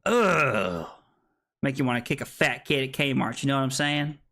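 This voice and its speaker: A tipsy man hosting a card game tournament on his livestream, talking loudly and excitably, swearing freely and laughing often. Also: mid-range voice, fast. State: tipsy from drinking. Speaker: streamer and tournament host. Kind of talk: casual livestream commentary. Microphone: streaming microphone.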